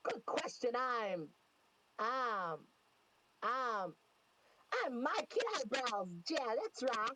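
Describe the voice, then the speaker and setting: A woman reads a book aloud over a voice call, her voice high and swooping widely. She stumbles and repeats lines as she reads, over a faint hiss of line noise. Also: animated, very slow, long pauses, sharp tone, rough recording. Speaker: reader.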